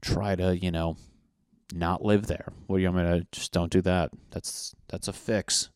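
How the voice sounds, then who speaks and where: Podcast host, man, low voice, dry close mic, rambling and profane. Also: flat delivery, moderate pace, darkish tone, clean tone, dry recording. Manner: profane, tangent-prone, jokey. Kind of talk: rambling casual monologue. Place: apartment in Los Angeles.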